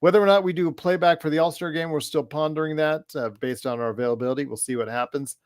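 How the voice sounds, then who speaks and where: A man's voice: a little high, steady tone, quick pace, smooth, no room sound, studio quality. A man hosting a casual sports podcast, teasing his co-host and keeping the show moving in an upbeat way. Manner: teasing, upbeat, wraps up segments. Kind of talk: casual sports talk banter.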